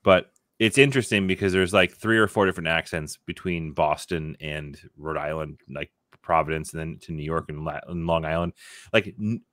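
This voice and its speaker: A man's voice: a bass voice, normal speed, fairly bright tone, no echo, clean studio sound. A man from western Massachusetts co-hosting a podcast, joking and swearing in casual banter. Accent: plain New England. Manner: profane, joking, laughing. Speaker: podcast co-host.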